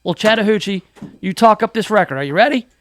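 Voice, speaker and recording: A man's voice: sits high, expressive, fast talker, a bit bright, no room sound. A man hosting an afternoon radio show, joking around in studio banter and slipping into hammy country DJ voices. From Memphis area. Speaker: radio host. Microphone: studio mic.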